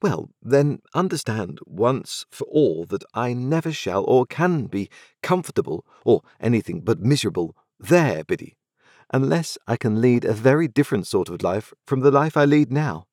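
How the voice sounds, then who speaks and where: A man's voice: medium pitch, big pitch swings, moderate pace, a little mellow, no room sound, studio quality, voice pushed up. A man voicing an earnest, restless young man in a storybook reading, pleading and impatient. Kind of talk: audiobook character reading.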